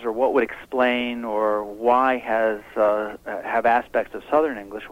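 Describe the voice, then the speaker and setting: A man calling in to a radio show, asking questions hesitantly, with many filler pauses. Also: on the low side. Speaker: caller. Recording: dull phone-in sound.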